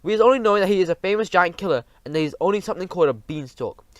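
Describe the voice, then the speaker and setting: A man voicing a big friendly giant who speaks in mangled grammar, often hushed. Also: high voice, expressive, racing, no room sound, voice pushed up. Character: big friendly old giant, gentle and quaint.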